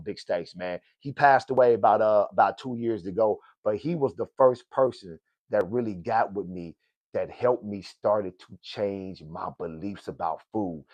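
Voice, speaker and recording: Speaking at a medium pitch with a darkish tone, a middle-aged podcast host from Oklahoma, US, preaches a motivational personal talk. He keeps asking "right?", repeats "good people" and calls out to his listeners. The recording has no echo.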